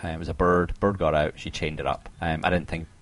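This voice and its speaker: A man co-hosting a podcast, recounting horror film scenes with lively, swearing enthusiasm. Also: sits low, quick pace, slight background noise. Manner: animated retelling, swears freely. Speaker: podcast co-host. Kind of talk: casual horror film discussion.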